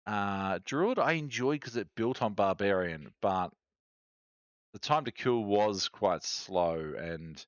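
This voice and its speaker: A low-pitched Australian man in his forties chats loosely on a stream, wandering between thoughts with plenty of ums and restarts. The sound is dry and a little dull, as from a modest home setup. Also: no room sound. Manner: rambling, chatty, many fillers and restarts. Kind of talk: casual stream chat.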